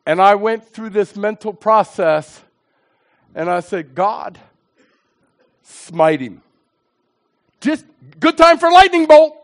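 Delivering a sermon testimony, this middle-aged evangelist from southeastern Pennsylvania swings dramatically between quiet asides and shouts with animated energy. His voice sits high, and he takes an unhurried pace.

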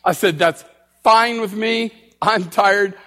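A man's voice: high voice, slow pace, long reverb tail. A male street preacher giving a storytelling sermon in a church, acting out both sides of his conversations. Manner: animated, acts out both sides of dialogue.

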